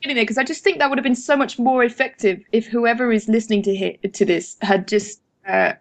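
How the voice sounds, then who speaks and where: A woman joining a comic podcast with rambling, halting jokes. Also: on the high side, gravelly.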